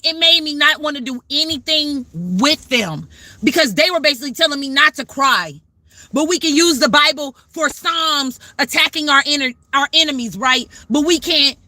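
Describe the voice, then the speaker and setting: A woman's voice: high voice, bright, forceful tone, dry recording, low-quality recording. A woman hosting a livestream, talking in a fervent, preachy way with lots of repetition and occasional swearing. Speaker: livestream host. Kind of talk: impassioned spiritual livestream talk.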